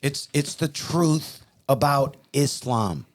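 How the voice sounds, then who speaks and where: A man's voice: mid-range voice, slow. A man hosting a talk show, preaching in a heated, emphatic and repetitive way. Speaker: podcast host.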